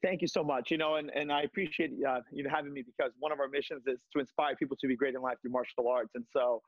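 A man who teaches martial arts, talking through a video call on a TV segment and coaching a short workout with energetic commands. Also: medium pitch, quick pace, dry recording, muffled recording. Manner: upbeat coaching commands, many fillers. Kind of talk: remote TV interview, leading a workout.

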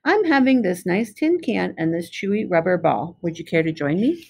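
A woman's voice: on the low side, animated, moderate pace, creaky, darkish tone, breathy edge, full character voice. A woman voicing a polite, odd male goat in a storybook reading, courteous and matter-of-fact.

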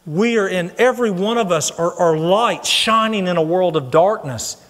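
A middle-aged man preaching a sermon, telling a personal story in an earnest, animated way. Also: sits high, normal speed. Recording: long hall reverb.

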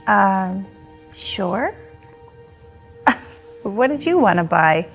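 An actress playing a sympathetic mother in a scripted drama skit, speaking softly. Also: medium pitch, very animated, extremely slow, heavily acted. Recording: clip played over music.

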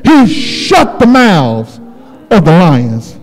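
Male preacher, very high and animated pitch; impassioned storytelling with shouted peaks. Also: a little slow, faint music behind. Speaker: pastor. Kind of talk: sermon. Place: church sanctuary. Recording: long hall reverb.

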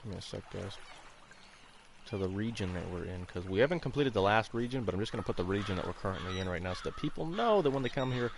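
A man's voice: fairly low pitch, fast talker, vocal fry. A young man live-streaming a game, chatting casually with viewers and swearing now and then. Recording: steady background noise.

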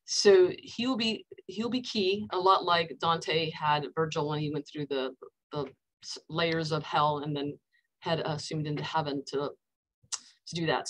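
A woman's voice: medium pitch, low-quality recording. Woman retelling a book over a call. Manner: retells scenes by acting out quoted dialogue. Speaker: counselor leading a book talk. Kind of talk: casual book discussion. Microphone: video call.

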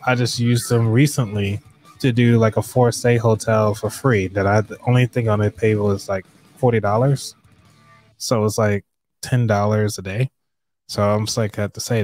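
Mid-pitched and a bit dark in tone, this livestream host talks casually about money. He chats with his viewers, filling his speech with fillers, over soft background music.

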